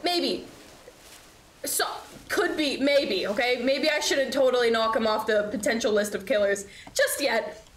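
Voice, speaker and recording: A woman's voice: fairly high pitch, measured pace. A young woman streaming a horror game, chatting and swearing as she plays, with nervous laughs. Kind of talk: live game commentary. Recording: echoey room, faint noise.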